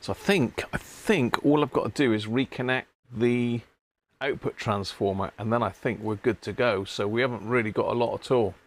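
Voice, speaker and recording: A chatty man with an everyday mid-pitched voice hosts a casual live stream from his home workshop. He greets viewers one by one and clears his throat now and then. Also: normal speed.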